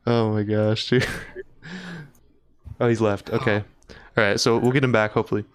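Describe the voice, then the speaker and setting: A man's voice: fairly low pitch, measured pace, long pauses, clean tone. A man hosting a casual podcast interview, easygoing and laughing along with his guest. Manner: easygoing, laughs along, asks short questions. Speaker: podcast host.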